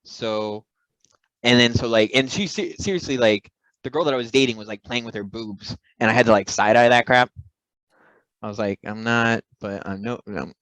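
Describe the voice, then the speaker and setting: A man's voice: mid-range voice, moderate pace, no echo, poor audio. A man co-hosting a comedy podcast, telling a rambling story full of restarts and quoted voices. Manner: rambling, self-interrupting, animated storyteller. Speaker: podcast co-host.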